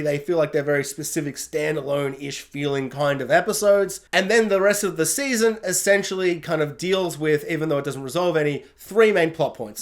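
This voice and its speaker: Chatty, animated man reviewing a show. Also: a little high. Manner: animated, chatty, laughs often, many fillers. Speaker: YouTube TV reviewer. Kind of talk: casual spoken review.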